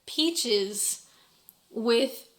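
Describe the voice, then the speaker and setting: A woman's voice: a little high, expressive, extremely slow, a bit bright. A woman narrating a travel vlog in a chatty, playfully humorous way. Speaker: travel vlogger.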